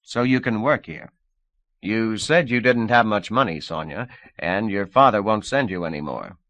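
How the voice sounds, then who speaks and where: A man voicing a confident middle-aged male agent who talks in a brisk, coaxing way. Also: lowish voice, a bit bright, no echo, lo-fi sound. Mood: firm.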